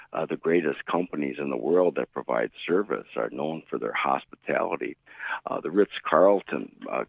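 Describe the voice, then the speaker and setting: Middle-aged male radio preacher, storyteller, deep gravelly voice, phone-thin sound. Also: no echo. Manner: storytelling, acts out quoted voices. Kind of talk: radio sermon. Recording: tinny phone-like radio broadcast.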